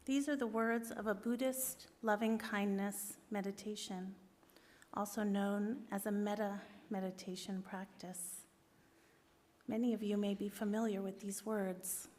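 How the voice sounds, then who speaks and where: A woman gives a reflection at a church service, reading slowly and calmly. Her pitch sits in the middle, and she lets each line settle before going on. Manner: slow, measured and calm. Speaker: lay speaker giving a reflection.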